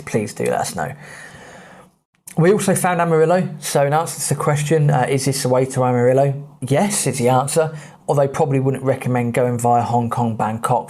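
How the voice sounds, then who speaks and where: A man's voice: medium pitch, darkish tone. An English man in his thirties hosting a podcast, telling travel stories in a chatty, blunt way with British slang. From England. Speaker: podcast host. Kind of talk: casual travel storytelling.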